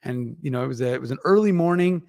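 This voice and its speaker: A man's voice: mid-range voice, expressive, fast talker, creaky, darkish tone, no room sound, clean studio sound. A man, chatting as a regular on a hockey podcast, rambling with many fillers and restarts. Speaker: regular podcast contributor reporting on the Moose. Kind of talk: casual hockey podcast chat.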